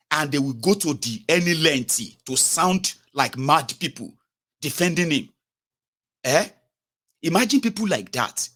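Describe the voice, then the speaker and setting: Animated mocking Nigerian man. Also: mid-range voice. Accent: Nigerian, with Yoruba and pidgin words. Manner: mocking, exclaiming, rhetorical questions. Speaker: political commentator. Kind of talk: animated political commentary.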